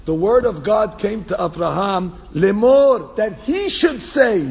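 A man teaching a Torah class to a small group in an animated way, repeating phrases for emphasis and mixing in Hebrew quotes. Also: very high voice, unhurried, husky. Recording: echoey hall, dull lo-fi sound with faint background hum.

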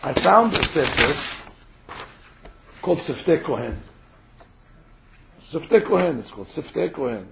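Guy teaching a torah class, highish raspy voice, earnest and punchy, echoey lo-fi recording. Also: very animated, unhurried, long pauses, slight background noise. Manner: earnest, emphatic, rising to loud stress, rhetorical questions. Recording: echoey room, dull lo-fi sound.

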